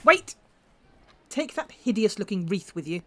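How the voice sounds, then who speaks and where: A woman's voice: mid-range voice, very animated, moderate pace. A woman playing a cold, miserly businesswoman who talks curtly and scornfully. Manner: curt, snappish and scornful.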